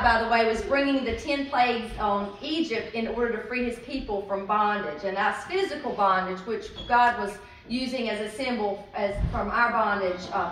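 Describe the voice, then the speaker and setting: A woman teaching from the Bible, reading passages aloud in a measured cadence and explaining them casually. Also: fairly high pitch, fairly bright tone, far from the mic, slight background noise. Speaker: podcast host teaching Bible. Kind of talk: scripture teaching with read passages. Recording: very echoey room, voice set back from the mic.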